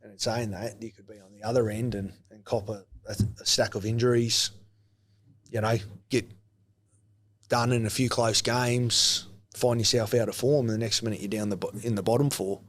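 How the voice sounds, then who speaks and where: Laid-back New Zealand man with a low voice. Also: normal speed. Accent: Australian-tinged New Zealand. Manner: relaxed, hesitant with frequent ums and restarts. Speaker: guest, former rugby league player. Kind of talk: casual interview.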